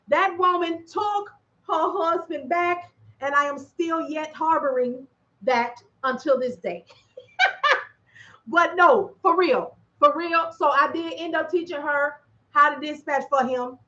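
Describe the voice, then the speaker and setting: A woman's voice: high-pitched, pushed and bright, highs cut off. A woman, a truck dispatcher talking casually to viewers with emphatic repetition and joking asides.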